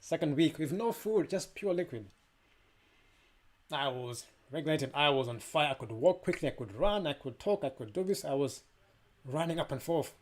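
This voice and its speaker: A man's voice: on the high side, animated, moderate pace. A young adult man giving a personal testimony as a motivational speaker, telling his story with animation and acting out the voices of people he quotes.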